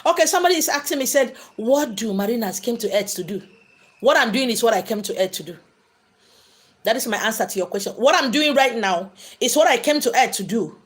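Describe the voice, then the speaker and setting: A woman speaks to her online viewers in a voice a little higher than most. She preaches emphatically and answers their questions live. She repeats phrases to drive her points home. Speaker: spiritual livestream host. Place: indoors, live streaming.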